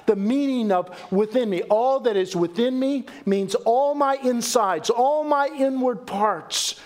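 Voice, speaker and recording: A middle-aged man preaching a sermon as pastor, animated and folksy, with joking asides and repeated phrases. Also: extremely high pitch, measured pace.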